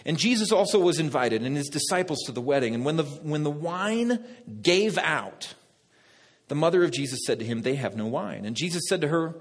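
A male pastor preaching a sermon, lively, talking directly to the congregation. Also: fairly high pitch, brisk, husky. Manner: lively, talks to the congregation, laughs at own jokes. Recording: long reverb of a hall.

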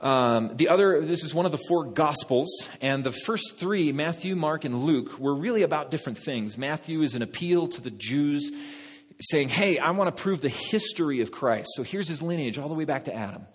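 A male pastor preaching a sermon, lively, talking directly to the congregation. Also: on the high side, moderate pace, husky. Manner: lively, talks to the congregation, laughs at own jokes. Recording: long reverb of a hall.

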